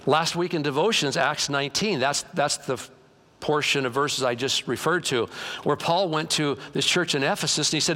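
A male pastor preaching a conversational sermon in a church, animated and folksy, joking and acting out quotes. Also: fairly high pitch, normal speed.

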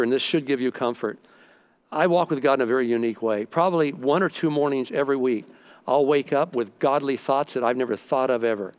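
A middle-aged male pastor delivering a sermon, telling stories and shifting between loud and soft for emphasis. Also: medium pitch, clean tone.

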